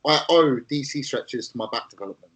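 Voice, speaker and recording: A man's voice: mid-range voice, expressive, brisk, a bit bright, rough recording. A man in a casual chat among friends, chatty and laughing now and then.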